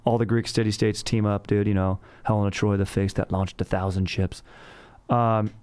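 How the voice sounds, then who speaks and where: A young man with a lowish voice riffs through a casual movie review. He talks in a slangy, bro-ish way and keeps calling people dude. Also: level tone, normal speed, darkish tone, clean tone, dry recording. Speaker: host.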